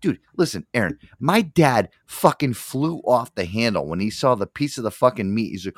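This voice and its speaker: A man's voice: medium pitch, animated, moderate pace, dry recording, clean studio sound. A man hosting a radio show, telling a long story in a profane, rambling way with frequent restarts. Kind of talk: casual on-air rant.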